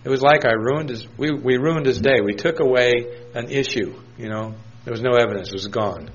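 A man's voice: mid-range voice, brisk, muffled recording, a little hiss or hum. A man preaching a sermon in a conversational storytelling manner, quoting scripture. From New Hampshire, USA.

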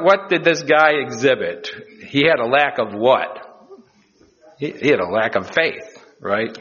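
A man preaching a sermon in a chatty, halting way, telling a joke and drawing a lesson. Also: medium pitch, a bit bright. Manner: chatty, halting, with many restarts. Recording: dull lo-fi recording.

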